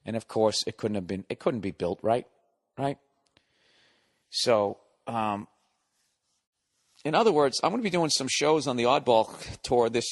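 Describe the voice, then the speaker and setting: A man's voice: mid-range voice, animated, moderate pace, pauses often. A middle-aged man hosting his own podcast, ranting in a profane, exasperated comic monologue with sarcastic asides. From United States. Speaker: podcast host. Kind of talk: solo comedic rant.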